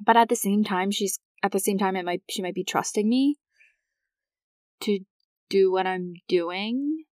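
A woman's voice: lowish voice, no room sound. A young woman talking casually in a personal podcast monologue, chatty, with frequent laughs and fillers. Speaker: podcast host.

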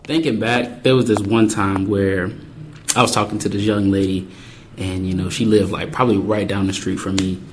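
A young man casually telling a personal story, acting out the quoted lines in lively voices. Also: on the low side, moderate pace, background noise. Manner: animated, acts out quotes with voices.

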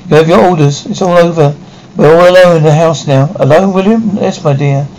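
An actor portrays a middle-aged inventor father whose somewhat high voice stays measured and formal. He moves between patience and stern command in the theatrical manner of late-1950s television, with faint ambience behind him. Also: a little mellow, slight background noise, lightly acted, poor audio. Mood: firm. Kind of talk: 1950s TV drama acting.

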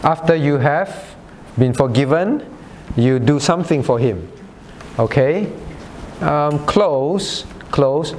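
A man's voice: a little high, expressive, slow, darkish tone, slight background noise. A man pastor leading a Bible study in sermon style, often asking "right?" and calling on listeners by name. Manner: rhetorical "right?" checks.

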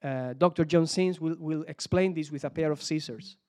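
A man's voice: a little high, normal speed, warm tone. A man from Spain with a Spanish accent, preaching a sermon in English as a second language, often repeating words and searching aloud for the right English word.

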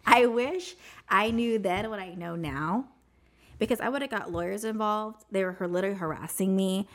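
Speaking a little slowly in a medium pitch, a woman guest in an interview shares her personal story conversationally. She's animated, says "like" a lot, and acts out what other people said.

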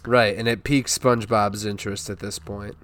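A man's voice: fairly low pitch, level tone, fairly quick, fairly bright tone, no echo. A man co-hosting a podcast, chatting casually about a cartoon episode in an easygoing way, full of fillers. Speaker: podcast co-host.

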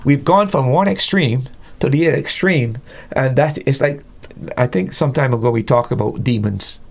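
A man of middle pitch teaching church doctrine as a guest in an interview. He speaks emphatically, stumbles through restarts and repeated words, and leaps higher when he mocks what he sees as excess. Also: moderate pace, creaky.

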